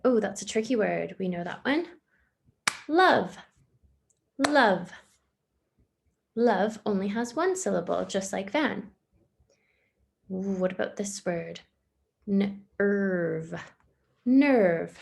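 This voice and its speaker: A young woman teaching a recorded spelling lesson to young children, cheerful, slow and clear, sounding out words. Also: mid-range voice. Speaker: primary school teacher.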